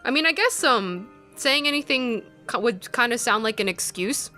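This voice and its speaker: A woman playing a video game and chatting about it, excitable and chatty. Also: on the high side, moderate pace, faint music behind. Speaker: let's player. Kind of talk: game commentary.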